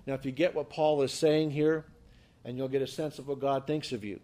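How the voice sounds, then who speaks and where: A man's voice: medium pitch, a little fast, warm tone. A man preaching a sermon as pastor, emphatic, often repeating and restarting, asking the congregation rhetorical questions.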